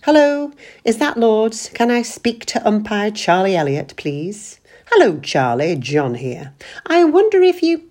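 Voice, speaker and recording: A sarcastic, grumbling husband in a hurry, read by a woman. His voice is husky, low-set and swings widely in pitch. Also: sing-song, normal speed, darkish tone. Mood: mocking. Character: impatient middle-aged husband, sulky and sarcastic.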